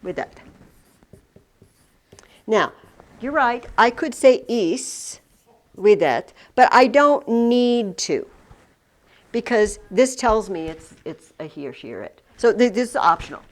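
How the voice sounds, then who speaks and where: A woman teaching a Latin class in a classroom, explaining slowly with frequent restarts. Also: on the high side, very animated. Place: classroom with students.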